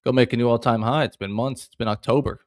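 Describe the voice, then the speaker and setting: A man's voice: mid-range voice, steady tone, fast talker, dry recording, clean studio sound. A man coaching viewers on a live trading stream in a direct, matter-of-fact way. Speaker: trading educator and stream host. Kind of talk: casual livestream instruction.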